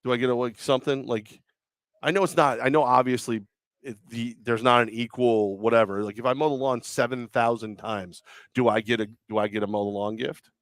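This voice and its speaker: Male radio co-host, loud storyteller, dry close sound, mid pitch. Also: steady tone, a little fast, dry recording. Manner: loud storyteller, acts out voices with shouts. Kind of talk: casual sports talk banter. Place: live remote broadcast at a car dealership.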